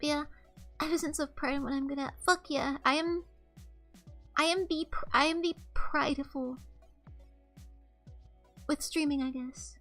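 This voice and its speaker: A woman's voice: high voice, fairly even intonation, unhurried, pauses often, sharp tone, soft background music. A young woman streaming live, chatting casually and reading chat messages aloud in a playful, self-mocking way.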